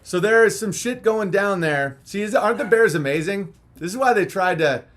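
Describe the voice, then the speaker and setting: A man's voice: sits high, lively intonation, normal speed, fairly bright tone. A man hosting a live stream in a casual, rambling, crude and jokey way, reading out viewer messages, a little punch-drunk after hours of talking.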